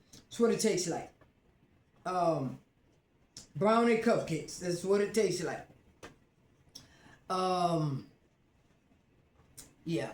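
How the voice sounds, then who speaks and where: A married woman hosting a casual live cooking video at home, chatting excitedly to her viewers and laughing often. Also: fairly low pitch. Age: adult, married. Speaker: host of a home cooking channel. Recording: roomy echo.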